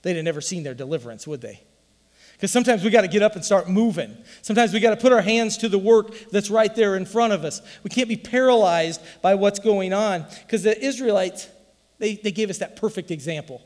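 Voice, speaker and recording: A man's voice: high voice, a little fast, a little mellow, big-room sound. A man preaching a sermon in an emphatic, folksy way, full of rhetorical questions. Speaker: pastor.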